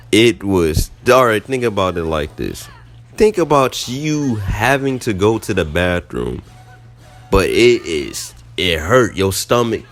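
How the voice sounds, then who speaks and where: Male vlogger, very low voice, animated slangy storyteller. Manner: animated, slangy, jumps into high squeaky reenactments. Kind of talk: casual storytelling.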